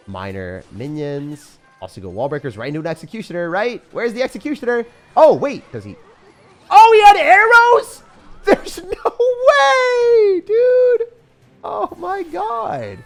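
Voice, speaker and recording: A man giving casual, excitable live commentary on his own gameplay, using slang and laughing often. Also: medium pitch. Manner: excitable, swings from mutters to shouts. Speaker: gaming commentator.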